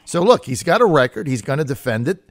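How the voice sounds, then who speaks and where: A male talk radio host speaks quickly and with conviction. His voice is recorded close and dry, with no room sound around it. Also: mid-range voice, very animated, dry recording.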